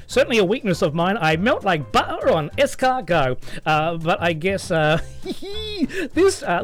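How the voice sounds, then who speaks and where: A man hosts a radio show in a chatty, easygoing way and laughs easily. His voice sits a little high. A faint music bed plays behind him. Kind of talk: casual radio chat.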